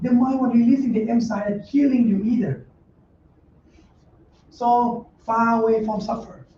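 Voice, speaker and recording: This informal dharma talk comes from a high-voiced male monk whose tone is a little mellow. Teaching a Dhamma class in a meditation center hall, he is blunt and jokey, speaking broken English and laughing. The recording is roomy and distant on a dull mic with faint noise.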